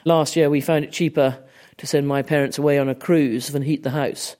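A woman's voice: sits low, steady tone, a little fast, mellow. A woman who owns an old manor house, chatting cheerfully in an interview and laughing as she talks. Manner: cheerful, laughs while talking. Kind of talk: casual interview chat.

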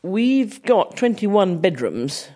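A woman's voice: mid-range voice, sing-song, slow pace, mellow. A woman who owns an old manor house, chatting cheerfully in an interview and laughing as she talks. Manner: cheerful, laughs while talking. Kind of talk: casual interview chat.

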